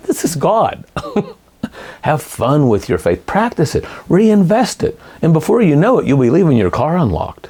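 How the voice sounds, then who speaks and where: A man's voice: on the high side, measured pace, breathy edge. A middle-aged man giving a casual, rambling talk on Catholic faith, often correcting himself as he goes. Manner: rambling, animated, self-correcting. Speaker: lay Catholic speaker.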